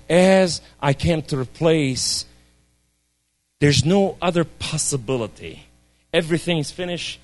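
A man preaching his own testimony with dramatic force. His voice sits a little high and leaps from hushed, low tones to ringing cries. Soft music plays beneath him. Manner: dramatic, swings between loud cries and hushed low speech. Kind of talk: impassioned personal testimony sermon.

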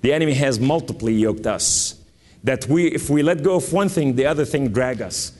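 A man from southern Lebanon with a southern Lebanese accent, preaching a sermon with fervor, moving between loud declarations and low solemn passages. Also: lively intonation, normal speed. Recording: long hall reverb.

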